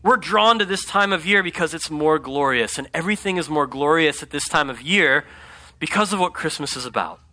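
A man's voice: on the high side, brisk. A man preaching a conversational sermon, often checking in with his congregation by asking "right?". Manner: conversational, animated, asks the audience "right?". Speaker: pastor.

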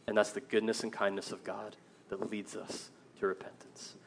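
A man in his thirties, a pastor preaching a sermon, earnest, moving between loud emphasis and quiet, reflective passages. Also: lowish voice, little pitch movement, normal speed, a little hiss or hum.

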